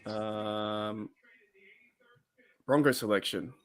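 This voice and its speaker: A man's voice: on the low side, fairly even intonation, extremely slow, smooth. A man hosting a fan live stream, casually reading out chat comments. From Australia. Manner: easygoing, reads chat comments aloud.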